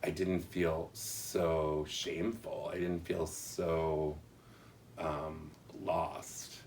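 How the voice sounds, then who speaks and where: A man in an interview telling a personal story in an earnest, halting, reflective way. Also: a bass voice, flat delivery, darkish tone, distant mic, slight background noise.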